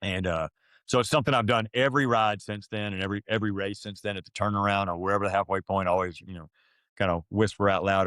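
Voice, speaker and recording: A middle-aged man from Florida, a podcast guest telling an emotional story in a halting way, full of fillers and restarts, and choking up at times. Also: deep voice, fairly bright tone, dry recording. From Florida, USA.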